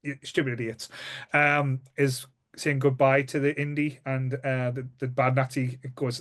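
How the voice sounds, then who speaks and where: A man with a Northern English accent rambles through film scenes in casual podcast chat, dropping fillers and jokes as he goes. His voice sits at an ordinary middle pitch. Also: flat delivery, a little slow, fairly bright tone. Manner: rambling, jokey, full of fillers. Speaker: podcast co-host.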